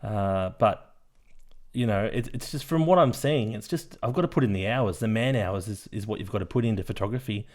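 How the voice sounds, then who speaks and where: Low-voiced man, podcast co-host, relaxed rambling explainer. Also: a little fast. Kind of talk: casual chat.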